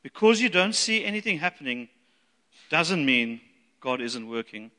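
A man preaching a sermon as a pastor, animated and acting out the voices he quotes. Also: fairly high pitch, moderate pace. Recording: long reverb of a large hall.

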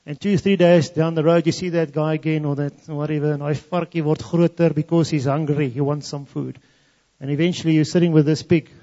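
A man from South Africa's Free State, a native Afrikaans speaker with an Afrikaans South African accent, tells a testimony story while switching between English and Afrikaans. His voice is a little high, level, mellow, and fairly quick. The recording sounds dull and lo-fi, in a reverberant hall.

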